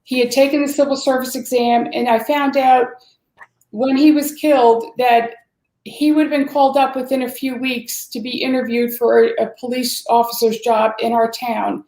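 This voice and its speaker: A woman from Massachusetts, a guest in an interview, explaining in a steady, earnest way. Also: on the high side, normal speed, reverberant, rough recording. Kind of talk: interview conversation.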